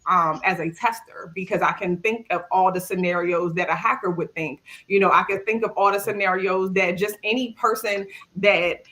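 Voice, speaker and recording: Bright-voiced woman with a Maryland accent. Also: mid-range voice. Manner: animated, candid, many fillers. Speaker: panelist, software tester. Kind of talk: panel discussion.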